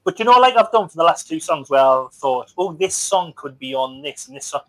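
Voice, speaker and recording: A man's voice: fairly high pitch, expressive, brisk, a bit bright, no echo, low-quality recording. A man hosting a live stream chat, teasing and jokey. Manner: teasing, jokey, mimics others. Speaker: livestream host. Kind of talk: casual chat.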